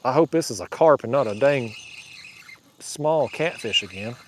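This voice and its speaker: Expressive and moderately paced, a man's mid-range voice drifts over slight background noise as he streams fishing from a kayak on a river at night. He chats through viewers' comments with a drawl and plenty of jokes, laughing at his own humor.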